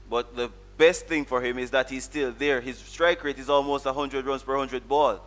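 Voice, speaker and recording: A Caribbean man in the commentary box, talking through the tactics of a live cricket match in a steady, measured way. His voice sits at an ordinary middle pitch. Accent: Caribbean English. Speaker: cricket analyst.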